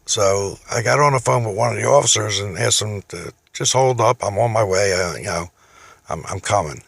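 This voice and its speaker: A middle-aged man tells his own story in a rough, gravelly voice with a husky edge. He talks casually and gets indignant, his voice rising when he quotes what he said. The recording is close and dry, with no room sound. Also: on the low side, normal speed, dry recording. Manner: indignant, animated when quoting himself. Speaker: business owner telling his story. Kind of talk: casual first-person storytelling.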